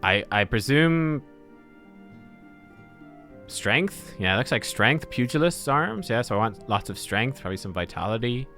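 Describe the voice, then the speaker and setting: A man's voice: medium pitch, animated, a little slow, pauses often, sharp tone, soft background music. A man giving casual let's-play commentary, rambling and self-deprecating as he thinks aloud. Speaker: gaming video creator.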